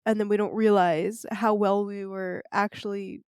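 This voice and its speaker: A woman's voice: medium pitch, level tone, moderate pace, a little mellow, clean tone, no room sound, studio quality. A teenage girl hosting a podcast, talking earnestly and reflectively, with frequent "like" fillers. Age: teens. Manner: earnest, reflective, says "like" often. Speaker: podcast host. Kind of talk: interview conversation.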